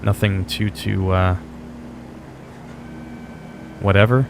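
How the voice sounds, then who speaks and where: A male game streamer with a fairly low voice talks casually through his live gameplay. He answers his chat with wry, offhand remarks and mild curses. A faint hum sits under his voice. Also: fairly even intonation, takes it slowly, gravelly.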